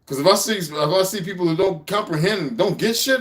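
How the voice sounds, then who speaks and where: A man's voice: high voice, a little fast, few pauses, fairly bright tone. Profane, heated man ranting to viewers. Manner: talks to his puppy between points. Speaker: vlogger. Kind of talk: casual rant to viewers. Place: at home by an open patio door.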